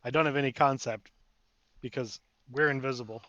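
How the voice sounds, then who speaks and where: A man playing a tabletop game, easygoing and calmly explaining rules. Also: medium pitch, a little fast, no echo, lo-fi sound. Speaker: player. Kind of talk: casual tabletop game chat.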